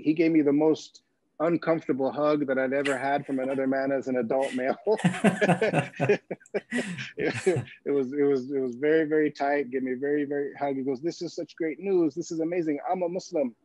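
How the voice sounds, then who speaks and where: A man's voice: medium pitch, moderate pace, a little mellow, a little hiss or hum. A man from California, a guest telling a personal story with humor, laughing often and repeating words as he goes. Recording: dull, dry lo-fi sound.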